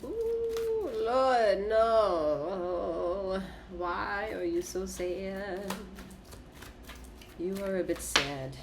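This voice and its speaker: A woman's voice: lowish voice, drawn-out words, vocal fry, long pauses, slight background noise. Emphatic, profane woman tarot reader. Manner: emphatic, repetitive, profane, punctuated by laughter. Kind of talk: casual spoken tarot reading.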